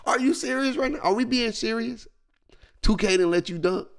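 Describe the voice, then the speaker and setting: Laughing his way through a loose, slang-filled reaction rant, a streamer talks at normal speed in a very high voice with vocal fry, keeping the energy animated throughout.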